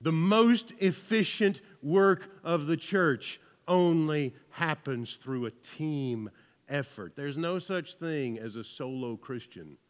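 A pastor with a Southern US accent and a fairly high, expressive voice preaches slowly to about seventy people in a church hall, with a long reverb tail. His sermon is conversational: he jokes with the congregation and keeps checking in with "right?"

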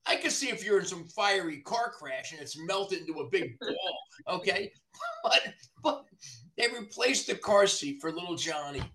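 A man, a body shop owner from the New Jersey area, ranting in casual podcast chat, profane and animated. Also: high voice, normal speed.

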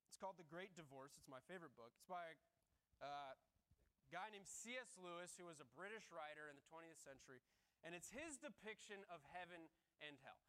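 A man preaching a sermon, emphatic, repeating key lines and dropping low for weight. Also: expressive, a little fast, pushed and bright, clear, resonant tone. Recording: long hall reverb.

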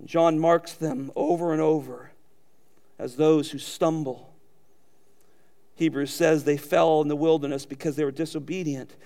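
A man preaching a sermon, swinging between emphatic raised passages and quiet low asides. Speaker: pastor.

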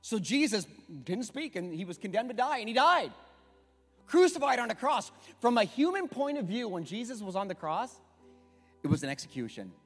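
A middle-aged pastor preaching in an emphatic, conversational, storytelling way, recorded in an echoey church with faint music. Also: male voice, very high-pitched, very animated, moderate pace, slightly rough. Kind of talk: sermon. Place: church sanctuary.

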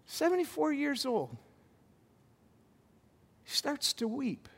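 A man preaches a sermon in a high voice, taking his time. He is animated and often stammers and restarts his phrases. His voice rings out with the long echo of a church hall. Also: takes it slowly. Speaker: visiting pastor.

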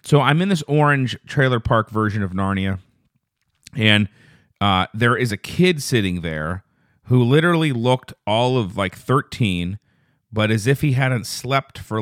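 A man with a lowish voice talks alone into a dry, close mic, unspooling a long, profane anecdote. He drifts and restarts, then jumps up in pitch and speed whenever something outrages him. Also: animated, dry recording. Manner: rambling, profane storytelling; grows loud and fast when indignant. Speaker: podcast host. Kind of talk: casual solo podcast monologue.

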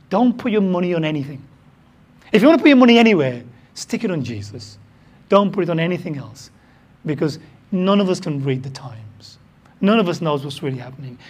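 A pastor from the United Kingdom, preaching a sermon in an excitable, animated way with sudden jumps in pitch and loudness.

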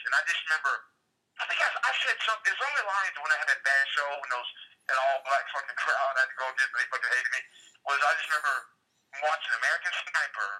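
A man's voice: mid-range voice, pushed and bright, rough recording. A man from Oklahoma telling rambling, profane, self-deprecating stories in a casual podcast chat.

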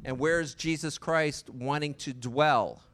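A man's voice: a little high, measured pace, a bit bright. A man preaching a sermon in a conversational way, often asking the listeners rhetorical questions.

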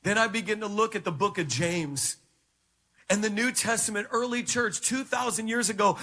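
Bright-voiced preaching man. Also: high voice, normal speed. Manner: impassioned preaching, drops to a hush when quoting God. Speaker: lead pastor. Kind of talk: sermon. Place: large church stage.

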